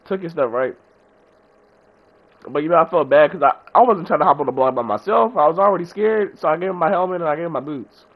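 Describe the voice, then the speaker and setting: A man who runs a gaming channel, excitedly retelling a match in casual slang. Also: on the high side. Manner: slangy, excitable, fast-talking recap. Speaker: gaming YouTuber. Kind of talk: animated storytelling over gameplay.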